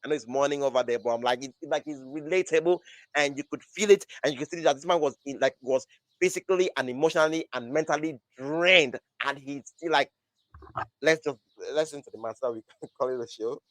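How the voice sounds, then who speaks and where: A young man hosts a casual live podcast, rambling and restarting his sentences with constant "like". His voice sits a little high, and the recording is dry and close. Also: a little fast, a bit bright, dry recording. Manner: rambling, restarts often, says "like" a lot. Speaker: podcast host. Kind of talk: casual live-stream chat.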